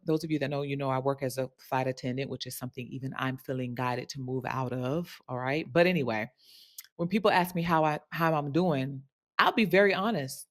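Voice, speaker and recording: Low-pitched woman, sensuality coach, talks straight to camera, chatty and blunt, swears casually. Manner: chatty, punctuates with "right?"; candid and frank, swears casually. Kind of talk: casual direct-to-camera monologue.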